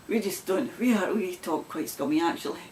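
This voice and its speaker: Speaking to camera on her knitting podcast, this Scottish host has a broad Glasgow accent and a voice on the low side. She chats casually, laughs often and wanders into rambling asides. Slight background noise is audible.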